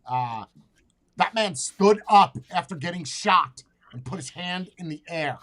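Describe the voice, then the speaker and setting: A man hosting a podcast in casual chat, talking bluntly and excitably with plenty of swearing. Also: high-pitched, measured pace. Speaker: podcast host.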